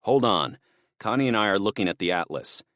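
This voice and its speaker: Casting: a man voicing a deep, protective middle-aged dad, calm and firm, audiobook reading. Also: a little fast, no echo, studio quality. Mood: firm worried. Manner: calm, firm, serious instructions. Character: steady middle-aged father, protective and practical.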